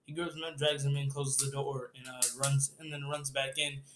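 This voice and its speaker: A man's voice: medium pitch, level tone, normal speed, a bit bright, reverberant, a little hiss or hum. A man rambling through an improvised zombie story with a friend, laughing often and leaning on lots of fillers.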